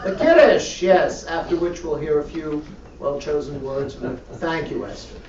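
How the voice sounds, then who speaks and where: A man's voice: on the high side, normal speed, darkish tone. A man leading a synagogue prayer service, reciting prayers and making chatty, joking asides to the congregation. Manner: chatty and jokey between prayers. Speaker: service leader. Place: synagogue sanctuary. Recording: echoey, dull room sound from far off. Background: congregation noise.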